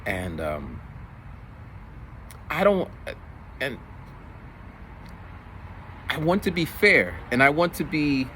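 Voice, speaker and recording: A man in his forties, a middle school teacher, telling stories from his week in a casual, animated way. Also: takes it slowly, pauses often, slight background noise. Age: 40s. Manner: animated, jumps into high voices for quoted kids. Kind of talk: casual storytelling vlog.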